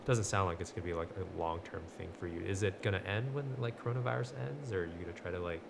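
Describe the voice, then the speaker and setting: A man with a very low, gravelly voice co-hosts a podcast and asks questions in a halting way, full of fillers. Clear background noise hangs under his voice. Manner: hesitant, many fillers. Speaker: podcast co-host. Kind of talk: casual interview questions.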